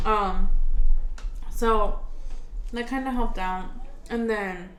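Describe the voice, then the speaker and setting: A woman's voice: mid-range voice, a bit bright. A young adult woman telling a personal story in a casual vlog, chatty and full of fillers. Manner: chatty, filler-heavy, acts out quoted dialogue. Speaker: vlogger. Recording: roomy with faint background noise.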